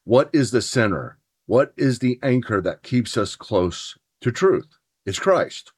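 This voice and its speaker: A man's voice: medium pitch, animated, slow pace, husky. A man hosting a podcast, talking theology in a casual, earnest way with his spouse and building to emphatic points. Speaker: podcast host. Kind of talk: casual theology chat, partly read from notes.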